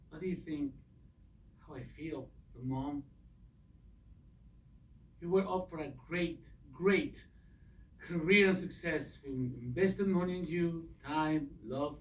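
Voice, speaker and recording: A man in an acting class playing an angry, heartbroken father confronting his estranged daughter, speaking in halting, restrained lines. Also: fairly high pitch. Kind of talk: acting class scene work. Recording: roomy echo, distant mic.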